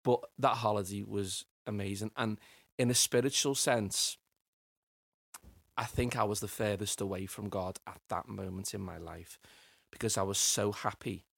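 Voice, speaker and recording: A man's voice: on the low side, steady tone, moderate pace, vocal fry, a bit bright, breathy edge, no room sound. A middle-aged man, telling his life story as a podcast guest in a rambling way, often repeating words as he finds them. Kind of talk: personal storytelling interview.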